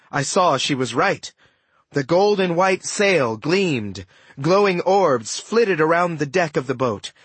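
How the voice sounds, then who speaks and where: A man narrates a first-person adventure story with lively swings in pitch. His voice is slightly breathy and a bit high for a man. The studio sound is close and dry. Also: no room sound. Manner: animated, expressive storytelling. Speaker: audiobook narrator.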